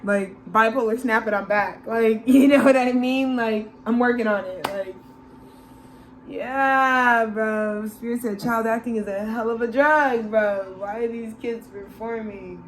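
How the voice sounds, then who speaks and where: A woman's voice: a little high, fairly even intonation, a little slow, a little hiss or hum. A woman giving a casual, channeled tarot reading, slangy and loose, calling listeners bro and laughing often. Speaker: tarot reader.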